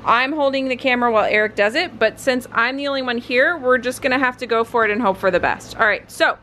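Young female home vlogger, slightly high voice, casual dog-talk, faint background noise. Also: fast talker, sharp tone. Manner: chatty, talks to her dog in a high sing-song voice. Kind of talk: casual vlog chat. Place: home living room.

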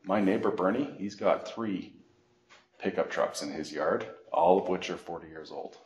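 Male financial educator, middle-aged, animated anecdotal presenter, low voice. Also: normal speed, dull audio. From Canada. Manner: animated storyteller, acts out phone calls. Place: library meeting room. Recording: echoey room.

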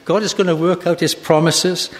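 A man preaching a sermon, slow and measured, rising to a fervent pitch at his climaxes. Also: fairly even intonation. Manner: slow and measured, with long pauses. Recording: hall reverb.

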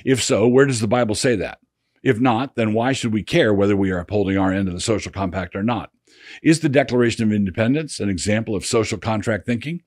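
An older man, a pastor, reading his essay aloud in a measured, sardonic way. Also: fairly low pitch, a little mellow, no room sound, clean studio sound. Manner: sardonic, measured, drops voice for quotes. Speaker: pastor and blogger.

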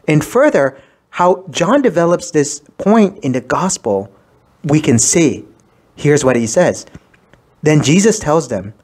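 Priest giving a measured sermon. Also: male voice, mid-range voice, a little mellow. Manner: measured, explanatory, quotes scripture aloud. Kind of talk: sermon reflection.

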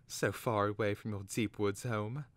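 A man voicing a kind, curious young man, speaking gently and with sympathy. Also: on the low side, fairly even intonation, measured pace, dry recording, voice pushed up, lightly acted. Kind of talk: dramatic reading.

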